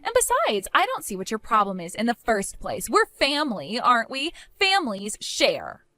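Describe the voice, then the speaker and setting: A woman's voice: on the high side, huge pitch swings, moderate pace, bright, forceful tone, full character voice. A woman voicing a greedy, entitled young sister-in-law with a whiny, sing-song, demanding manner in a voiced story drama. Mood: defiant.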